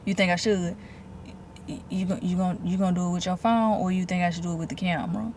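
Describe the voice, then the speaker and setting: A woman's voice: on the low side, steady tone, fast, darkish tone, a little hiss or hum. A woman, chatting expressively to her viewers in a casual vlog. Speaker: vlogger.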